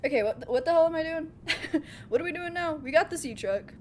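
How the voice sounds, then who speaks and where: Jokey woman streamer chatting over gameplay, kinda high voice, game noise clearly in the background. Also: expressive, brisk. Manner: playful, jokey, laughs often. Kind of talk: casual live gameplay chat. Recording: game sounds audible behind voice.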